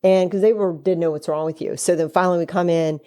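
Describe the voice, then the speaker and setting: A woman's voice: steady tone, fast talker, warm tone, clean tone. A middle-aged woman and mother, telling a long story in casual chat and acting out what people said. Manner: chatty, acts out quoted speech with shifting pitch. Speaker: guest, host's mother.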